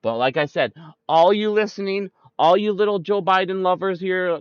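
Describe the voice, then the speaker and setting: A man's voice: high-pitched, animated, moderate pace, clear, resonant tone, dry recording. A young man ranting about politics, combative and full of swearing, addressing his listeners directly. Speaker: streamer. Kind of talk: political rant. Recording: dull, dry close-mic sound.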